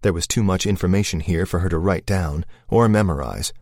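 Low-voiced man narrating a thriller. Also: darkish tone, no room sound, studio quality. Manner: measured, suspenseful reading.

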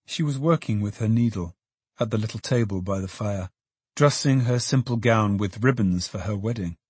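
A man narrating a classic novel in an expressive storytelling manner. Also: on the low side, moderate pace, husky, dry recording. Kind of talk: audiobook narration.

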